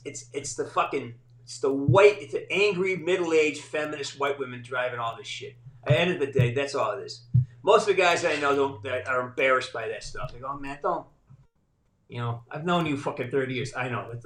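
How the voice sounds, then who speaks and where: Medium-pitched, slightly bright, and fairly quick, this middle-aged man is a guest voice actor on a podcast. He's a blunt, profane storyteller in a casual chat, and the recording has a roomy echo.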